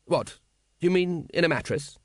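A man voicing a dry, calculating older male ruler who speaks in measured, sardonic questions in an audiobook. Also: fairly high pitch, lively intonation, no room sound, voice pushed up, lightly acted. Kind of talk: audiobook character voice.

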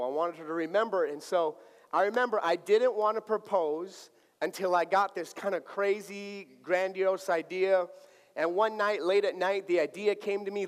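High-voiced male pastor in an echoing hall. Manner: animated, acts out dialogue playfully. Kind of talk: sermon with personal storytelling. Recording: long hall reverb.

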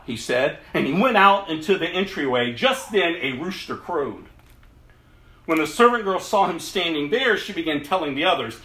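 A man preaching a casual sermon, reading scripture aloud and swinging from loud emphasis to hushed, low tones. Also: very animated, moderate pace, echoey room.

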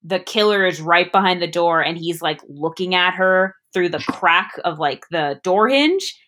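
Woman, podcast co-host, casual movie chat, low-pitched, animated delivery. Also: unhurried. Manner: animated, jumps pitch when acting out scenes.

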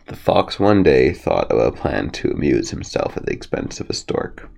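A man reading bedtime fables aloud, slowly, with frequent slips and restarts. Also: a bass voice, gravelly, darkish tone. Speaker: storyteller.

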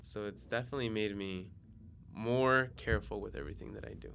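A man in his twenties, a guest on a casual podcast, telling laid-back, slangy stories that get animated. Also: on the low side, brisk, creaky, clean tone. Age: 20s. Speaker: guest, DJ and software engineer.

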